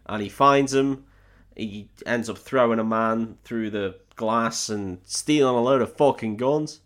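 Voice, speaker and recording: A man's voice: mid-range voice, measured pace, a bit bright. A man co-hosting a podcast, recapping a film in crude, sweary, laughing storytelling. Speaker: podcast co-host.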